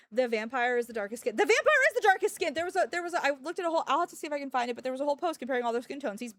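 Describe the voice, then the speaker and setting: Speaking from home, a woman streamer chats casually with her viewers and vents her frustration. Her voice sits high, and she laughs often and swears now and then.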